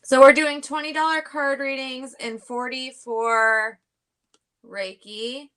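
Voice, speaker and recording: A woman co-hosting a casual livestream as a psychic reader, making quiet, offhand asides. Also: high-pitched, steady tone, slow, smooth.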